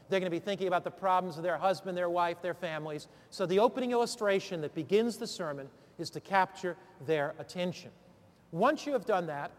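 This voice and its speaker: Man, preacher teaching preachers, high voice, rousing call-and-response questions, long ringing hall echo. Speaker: preacher training other preachers. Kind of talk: sermon-preparation instruction turning into preaching.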